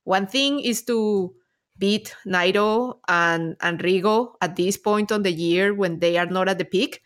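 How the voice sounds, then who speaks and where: Female co-host, mid pitch, chatty, laughs easily, lots of "like". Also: measured pace. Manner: chatty, laughs often, many fillers like "like". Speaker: podcast co-host. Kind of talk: casual chat.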